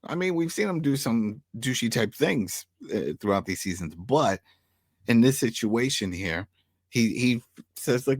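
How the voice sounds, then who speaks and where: A man's voice: mid-range voice, animated, normal speed, no room sound, clean studio sound. A man co-hosting a TV recap show, tossing in jokes and musing aloud with hedges. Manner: joking asides, musing and hedging. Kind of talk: casual TV recap chat.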